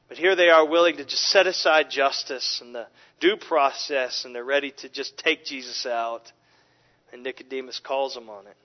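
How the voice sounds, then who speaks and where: Male pastor mid-sermon, animated delivery with stumbling restarts, muffled lo-fi audio. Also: medium pitch. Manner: animated, repeats words as he restarts. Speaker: preacher. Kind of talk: expository sermon. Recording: lo-fi dull recording.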